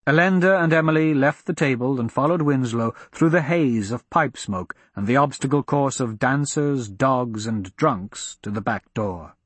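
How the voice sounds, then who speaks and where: A man reading a story aloud as narrator, with an expressive, varied delivery. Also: medium pitch, breathy edge, no room sound. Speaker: audiobook narrator.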